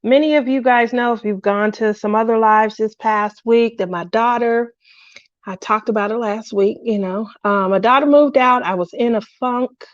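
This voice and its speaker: A middle-aged woman hosting a craft livestream, talking casually and in a rambling way, feeling low and lonely, greeting viewers by name. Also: moderate pace, dry recording, muffled recording.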